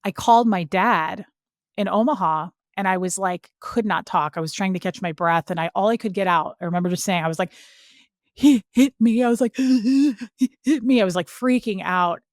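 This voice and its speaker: A woman's voice: on the low side, a little fast, no room sound, studio quality. Earnest woman telling a personal story. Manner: casual, frequent "like" fillers; earnest and emotional when recounting. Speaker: podcast guest.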